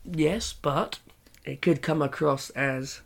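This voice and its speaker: Gravelly-voiced man, casual podcast chat. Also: on the high side, fairly even intonation, slow pace. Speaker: podcast co-host.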